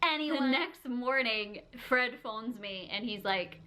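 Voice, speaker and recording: Woman vlogger, casual storyteller, giggly and chatty, bright tone. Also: on the high side, lively intonation, measured pace. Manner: chatty, heavy use of "like", frequent giggles.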